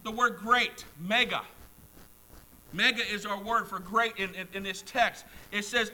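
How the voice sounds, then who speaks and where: A male preacher delivers an emphatic sermon. His voice sits high and rings with a very bright, sharp edge. He hammers key words by repeating them and throws questions out to the congregation. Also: a little slow, rough recording. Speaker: pastor.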